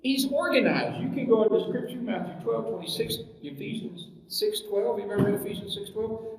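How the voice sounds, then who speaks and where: A man's voice: sits high, animated, normal speed. A man preaching a sermon as pastor, emphatic, full of rhetorical questions and scripture references, recorded from far off in an echoey hall.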